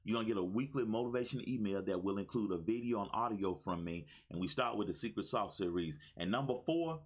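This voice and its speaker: An exuberant man in his fifties preaches motivation on a livestream. His pitch swoops high and low, and his voice is a little husky. He talks to the audience in a call-and-response way, like a preacher. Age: 50s. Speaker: motivational speaker. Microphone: phone.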